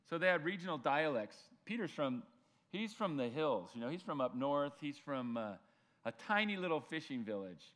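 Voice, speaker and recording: A man's voice: mid-range voice, brisk, fairly bright tone. Casual-talking male pastor. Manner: conversational, acts out voices of people in the story. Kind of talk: sermon.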